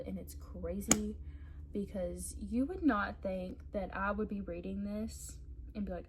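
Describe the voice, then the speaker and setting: A young woman chatting casually to camera about books, rambling and animated. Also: medium pitch, a little slow, background noise. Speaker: book vlogger.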